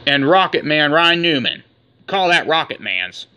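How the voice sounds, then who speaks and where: Bright-voiced man reading off cards. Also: fairly high pitch, a little slow, clean tone. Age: 40s. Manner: rattles off names in a running list; excitable, says he is shaking. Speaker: card collector opening packs. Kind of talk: casual unboxing commentary.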